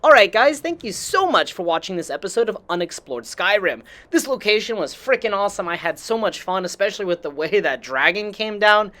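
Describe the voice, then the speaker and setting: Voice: medium pitch, lively intonation, brisk, hardly any pauses, sharp tone. A host giving a casual, enthusiastic voice-over for a game walkthrough, with mild slang. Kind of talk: casual gameplay voice-over narration.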